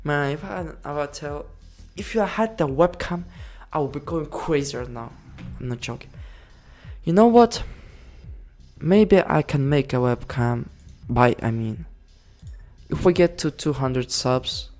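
A man chatting through a video game in loose, rambling commentary. He giggles often and swears freely, in a voice of ordinary middle pitch. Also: darkish tone. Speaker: gaming video creator.

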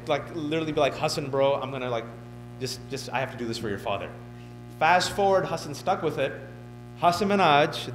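Male keynote speaker, 30s, animated storyteller who does impressions, voice a little high, faint music underneath. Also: rough recording. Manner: animated, joking storyteller who mimics others. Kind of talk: motivational speech. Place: event hall.

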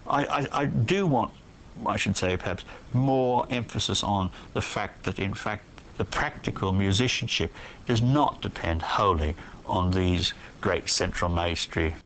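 A man's voice: fairly low pitch, measured pace, fairly bright tone, a little hiss or hum, rough recording. A man answering as a guest in an interview, reflective and opinionated, thinking his points through aloud. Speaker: guest poet.

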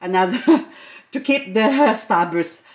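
A woman's voice: on the low side, animated, slow pace. A middle-aged woman hosting a gardening channel, gushing and exclaiming with frequent laughter as she unboxes plants. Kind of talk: excited unboxing vlog.

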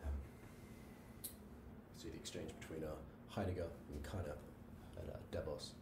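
This man has a bass voice and keeps a steady tone at normal speed while giving a university logic lecture, working through examples and dropping "right?" among his fillers. Heavy background noise accompanies him. He sounds distant in an echoey room with faint ambience.

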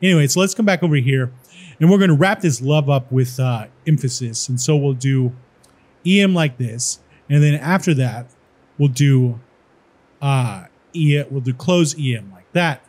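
A man tutoring coding in a casual screen-share walkthrough, thinking aloud in a relaxed way with many "all right"s and pauses. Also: mid-range voice.

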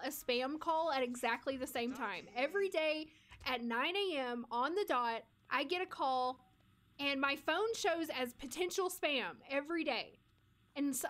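A woman's voice: high-pitched, a bit bright. A woman from the United States streaming a life-sim game, chatting casually with viewers and talking to the characters.

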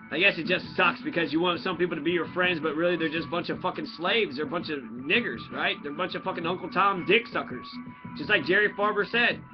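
A man's voice: high-pitched, fast. A man who is a student, in a profane, heated and confrontational ranting monologue. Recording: dull lo-fi audio with faint music.

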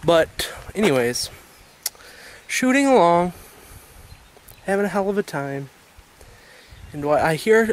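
A man's voice: sits high, lively intonation, slow, pauses often. A man filming himself outdoors at a rural shooting range, rambling casually in a sarcastic, self-mocking way. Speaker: vlogger. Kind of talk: casual self-filmed vlog.

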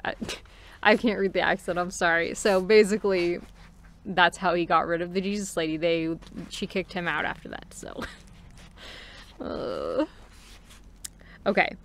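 A woman's voice: on the low side, expressive, unhurried, long pauses, a bit bright, a little hiss or hum. A woman giving a casual book review, chatty and musing, with frequent fillers and laughs between thoughts.

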